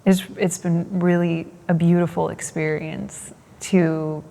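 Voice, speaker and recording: Animated woman in her forties, reverberant room. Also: lowish voice, takes it slowly. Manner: animated, laughing asides, quotes people. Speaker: guest's wife. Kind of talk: casual interview talk.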